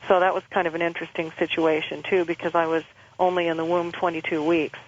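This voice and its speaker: A woman speaks over a muffled telephone line in an even, flat voice with little rise and fall. She tells her story earnestly but haltingly, often restarting her sentences. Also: lowish voice. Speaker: radio show guest. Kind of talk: personal testimony over the phone.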